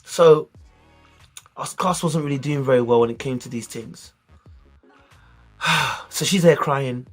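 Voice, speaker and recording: A man telling a school story in a casual, animated way, heavy on slang. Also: mid-range voice, measured pace, pauses often, soft background music.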